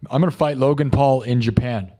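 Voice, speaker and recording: A man hosting a livestream, chatting casually in a rambling, excitable and joking way. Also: mid-range voice, a little fast. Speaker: livestream host.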